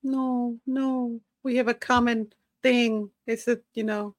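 A woman's voice: on the high side, fairly even intonation, takes it slowly, dry recording, studio quality. A woman hosting a casual podcast chat, dropping short interjections and sassy teasing remarks. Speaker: podcast host.

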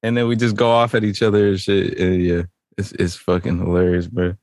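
A man's voice: sits low, monotone, a little fast, darkish tone, no room sound. A laid-back man co-hosting a podcast, chatting casually, swearing and laughing often. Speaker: podcast co-host.

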